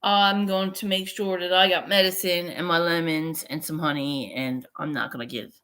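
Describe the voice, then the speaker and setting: A woman's voice: fairly low pitch, steady tone, normal speed, fairly bright tone. A woman vlogger telling a personal story in a frank, rambling, profane way. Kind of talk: casual storytelling vlog.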